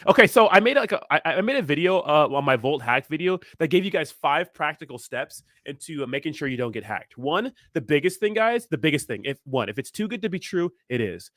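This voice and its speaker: Young male streamer, slightly high voice, dry close mic, ranting and fired up. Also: big pitch swings, fairly quick, hardly any pauses, fairly bright tone, no room sound. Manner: fired-up, ranting, heavy filler "you know what I mean". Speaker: crypto livestream host. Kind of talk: live stream chat, reacting to viewers.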